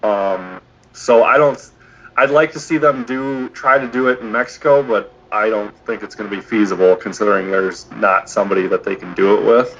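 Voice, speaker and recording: A man's voice: fairly low pitch, moderate pace, a bit bright. Opinionated man in lo-fi podcast chat. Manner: opinionated, rambling. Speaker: podcast co-host. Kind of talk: casual chat. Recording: dull lo-fi podcast audio.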